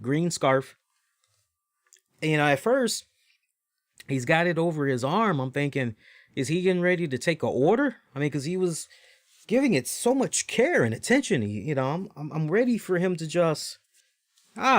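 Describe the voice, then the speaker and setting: A man hosting a casual solo wrestling review, rambling and animated, with lots of fillers and asides. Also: fairly high pitch, no room sound, clean studio sound. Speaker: wrestling show host.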